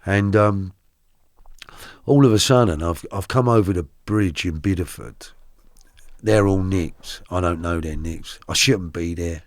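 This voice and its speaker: A middle-aged man recounting his arrest in colloquial, vivid storytelling, now and then shouting out the quoted lines. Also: low-pitched, measured pace, no echo, clean studio sound. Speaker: guest. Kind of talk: true crime storytelling.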